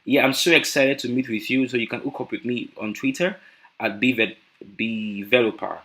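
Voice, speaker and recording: A man's voice: mid-range voice, steady tone, moderate pace, bright, forceful tone. Nigerian-accented male tech speaker, hesitant, filler-heavy delivery. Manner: hesitant, many fillers and restarts. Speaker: conference speaker. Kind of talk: conference talk.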